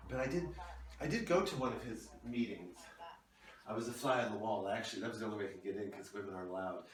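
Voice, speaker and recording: A man playing a long-suffering middle-aged wife in a comedy sketch, telling her story quietly and drily. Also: on the low side, fast talker, pitched below the performer's own voice, natural voice. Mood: wry. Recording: echoey, mic far off.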